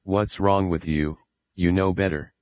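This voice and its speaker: A man reading the part of an angry, abusive father who yells and scolds his small son, in a dull lo-fi recording. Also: low-pitched, fairly even intonation, unhurried, no room sound. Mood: angry scolding. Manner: scolding, yelling insults.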